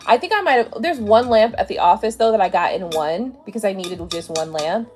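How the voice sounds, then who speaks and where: A woman's voice: medium pitch, lively intonation, a little fast, darkish tone, faint music behind. A woman hosting a tarot live stream, talking casually and bluntly with lots of profanity, a little drunk, lying down at home and speaking into her tablet's mic. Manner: blunt, profane, chatty, laughs often. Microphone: tablet camera mic.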